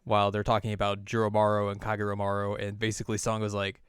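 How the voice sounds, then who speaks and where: A man's voice: on the low side, completely flat delivery, clean tone, dry recording, clean studio sound. A man co-hosting a podcast, chatting casually through an anime episode recap and slipping into silly character voices. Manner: chatty retelling of scenes in quick silly character voices, laughs often. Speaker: podcast co-host.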